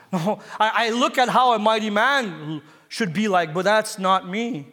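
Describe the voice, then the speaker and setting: High-voiced male pastor preaching in a hall. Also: slow, bright, forceful tone. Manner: storytelling, asks the congregation questions; builds to emphatic exhortation. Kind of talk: sermon. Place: church sanctuary.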